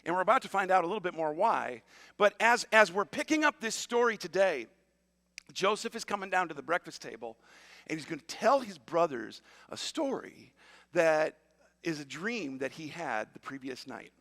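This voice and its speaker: A man preaching a sermon as pastor, retelling a story in a lively, conversational way with asides to the congregation. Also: a little high, normal speed, long reverb tail. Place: church auditorium.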